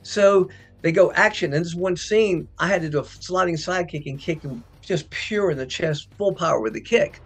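A middle-aged man, an actor, telling lively behind-the-scenes stories and acting out quotes. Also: moderate pace, husky, faint music behind. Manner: acts out quoted dialogue with big pitch jumps. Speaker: actor interviewed about a past film. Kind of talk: animated anecdotal storytelling.

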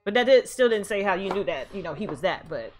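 Profane, animated woman reacting to anime. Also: medium pitch, fast talker, soft background music. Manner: blunt, profane, animated slang. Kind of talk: casual reaction commentary.

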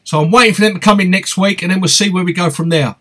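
A man's voice: sits high, fast, a bit bright. A man with an East London accent hosting a live fishing Q&A stream, chatty and upbeat, reading out viewer comments and greeting people by name. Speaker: fishing channel host.

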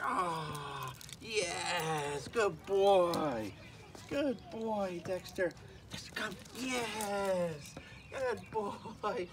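A male dog trainer talking casually on camera while playing with a puppy, breaking into high, excited praise between calm asides. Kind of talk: casual training vlog talk. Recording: distant voice with clear background noise.

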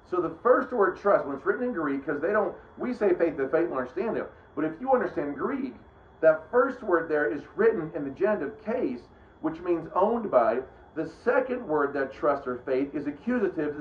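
Speaking at a fairly high pitch, this middle-aged preacher gives a loose, conversational Bible lesson. He keeps interrupting himself, dropping sentences and starting over. The lo-fi recording is roomy and dull, with slight background noise.

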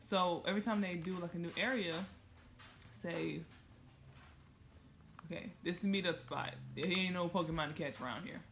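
A woman's voice: fairly low pitch, moderate pace, pauses often, a bit bright, a little hiss or hum. A woman hosting a gaming channel, giving chatty, joking let's-play commentary and reacting aloud to the game.

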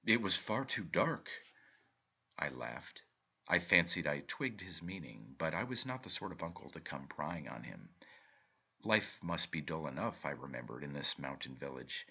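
A deep-voiced man reads a short story aloud in a measured, expressive first-person telling. His husky voice has a bright edge and roams widely in pitch. It sounds like an audiobook narration. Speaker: reader.

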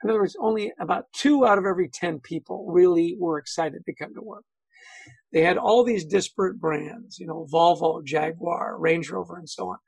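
A man's voice: high voice, moderate pace, creaky, breathy edge, dry recording, rough recording. A man speaking as a guest on a video-call webinar, telling anecdotes, acting out quotes and saying "you know" often. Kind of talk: conversational webinar talk.

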